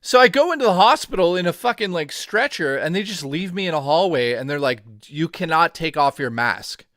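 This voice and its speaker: A man, co-hosting a podcast, telling an animated, profanity-heavy story in casual chat. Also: on the high side, a little fast, no room sound, clean studio sound. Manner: animated storyteller, swears a lot. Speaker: podcast co-host.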